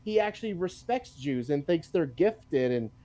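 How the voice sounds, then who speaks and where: A man co-hosting a casual stream chat, explaining in a relaxed way with casual swearing. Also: on the high side, normal speed. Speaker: stream co-host.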